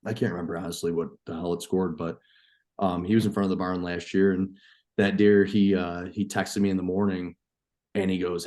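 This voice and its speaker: A man from New York, a farmer and hunter, telling a story as a podcast guest, excited and profane. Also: sits low, a little fast. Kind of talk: casual storytelling.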